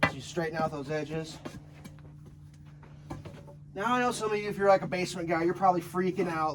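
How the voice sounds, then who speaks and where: This home builder has a high voice and talks a little fast, with long pauses and crowd noise behind him. Digging and scraping at an outdoor building site, he walks viewers through a casual how-to vlog, blunt, joking and swearing freely. The footage comes from a handheld camera, partly shot one-handed by him.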